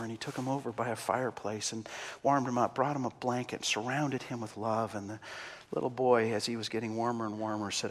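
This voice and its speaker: A man preaching a sermon and telling a story, impassioned, swinging between loud outbursts and quiet, slow passages. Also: mid-range voice, steady tone, a little hiss or hum. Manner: impassioned, big swings in loudness. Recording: long hall reverb.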